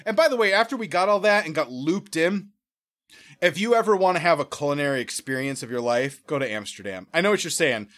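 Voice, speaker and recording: A man with a high voice that swoops all over the place tells a story as a podcast guest. His delivery is animated and profane, and he keeps acting out other people's voices and his own past remarks. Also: brisk. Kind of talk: casual storytelling.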